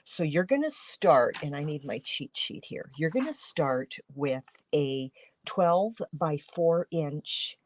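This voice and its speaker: A woman's voice: low-pitched, animated, slow pace. A woman from Canada, a papercraft demonstrator, talking through a casual craft tutorial in a groggy morning voice, chatty with many fillers and restarts.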